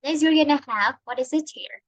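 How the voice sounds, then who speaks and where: A woman with a high voice and a Vietnamese accent teaches an English lesson online, talking fairly quickly and patiently checking often that her student understands. The audio is poor and comes from a computer mic on a video call, with no room sound.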